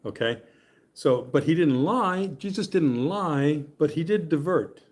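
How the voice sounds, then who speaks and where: A man's voice: fairly high pitch, expressive, a little slow. A man leading a Bible study class, reading scripture aloud and explaining it in a chatty, joking way. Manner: chatty and joking, often laughing and checking in with "okay?".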